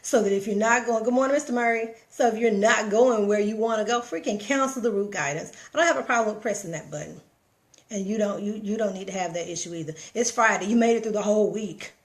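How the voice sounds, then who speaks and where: A woman's voice: mid-range voice, fast talker. A middle-aged woman hosting a live stream, giving casual motivational talk straight to her viewers, emphatic and repetitive, talking into her phone. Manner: preachy, emphatic, repeats herself, talks straight to viewers.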